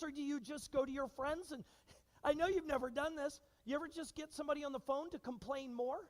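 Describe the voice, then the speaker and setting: A high-pitched man preaching to his church, his voice carrying a long reverb through the sanctuary. He is animated, tossing questions to the congregation and acting out what people say. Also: brisk. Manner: animated, asks the congregation questions and acts out quotes. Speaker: pastor. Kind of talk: sermon.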